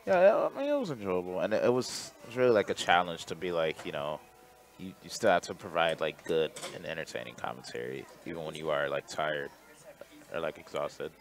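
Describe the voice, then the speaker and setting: A man co-hosting a podcast in relaxed chat, laid-back and constantly saying "like". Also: low voice, fairly quick. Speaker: podcast co-host.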